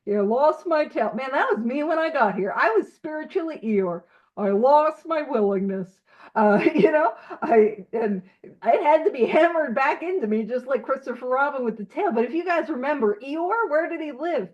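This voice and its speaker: Animated high-voiced woman leading a study. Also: moderate pace, lo-fi sound. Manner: animated, self-teasing, asks repeated questions. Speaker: recovery study leader. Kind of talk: casual teaching over video call. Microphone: video call.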